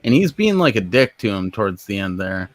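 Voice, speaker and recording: Blunt, chatty low-voiced man. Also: big pitch swings, fairly quick, no room sound. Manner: chatty, blunt, swears casually. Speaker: discussion panelist. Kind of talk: casual group chat.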